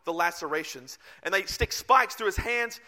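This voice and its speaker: A male pastor preaching a sermon, telling the story in an animated way and breaking into shouts. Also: high-pitched, moderate pace.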